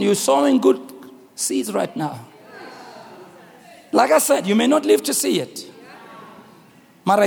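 A man from South Africa preaching a sermon, telling the story dramatically with voices and frequent shouting. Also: very high voice, vocal fry, big-room sound, a little hiss or hum. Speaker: pastor.

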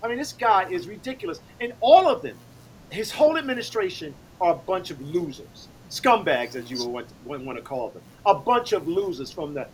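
A man's voice: sits high, big pitch swings, brisk, a little hiss or hum, poor audio. A man on a roundtable, giving heated political commentary in indignant, emphatic rants. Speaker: roundtable guest.

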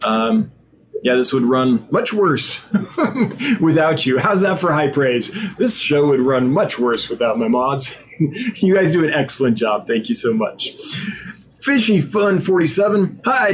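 A man's voice: fairly high pitch, lively intonation, moderate pace, slight background noise. A man with a somewhat raised voice hosts a live stream, reading out viewer names and chatting in a loose, casual way. He sounds tired and now and then trips over a word. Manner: reads usernames aloud, chatty, stumbles over words.

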